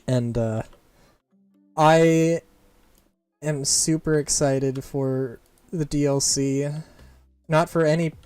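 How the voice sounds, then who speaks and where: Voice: medium pitch, steady tone, takes it slowly, long pauses, darkish tone, clear, resonant tone, no room sound. A streamer and voice actor chatting casually during a live game stream, rambling, often restarting sentences and laughing. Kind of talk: casual live-stream chat while playing. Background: faint game music and keyboard typing.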